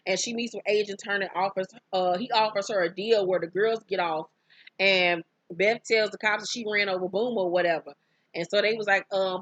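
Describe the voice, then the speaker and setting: A woman's voice: medium pitch, fairly bright tone, dry recording. A woman recapping a TV episode in a casual, slangy, profane way, acting out the characters' lines as she goes.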